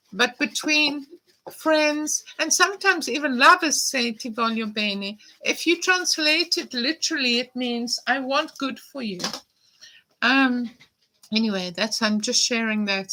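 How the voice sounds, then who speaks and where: A woman in her fifties hosts a casual live stream from a room at home. Her voice sits a little high and rings bright and forceful. She talks in a heartfelt, reflective way and reads viewer comments aloud. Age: 50s. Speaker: perfume vlogger hosting a live stream. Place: home room with a window open.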